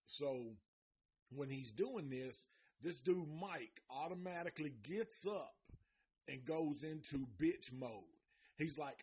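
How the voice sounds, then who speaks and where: Hosting a live show that reviews a documentary series, a man retells a story casually, cursing heavily and using lots of loose slang. He does exaggerated voices of the people involved, speaking slowly in a slightly rough, higher-than-average voice.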